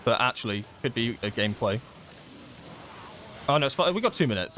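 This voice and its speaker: A man giving live gameplay commentary, thinking aloud and excitedly pleading with his teammates. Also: medium pitch, fairly quick, slight background noise. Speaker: gaming content creator.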